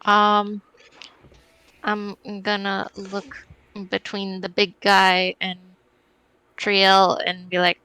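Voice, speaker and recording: A player in a tabletop game, speaking slowly in a drawn-out, sing-song way. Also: medium pitch, monotone, sharp tone, clear, resonant tone, no room sound, poor audio. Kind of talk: casual tabletop game chat.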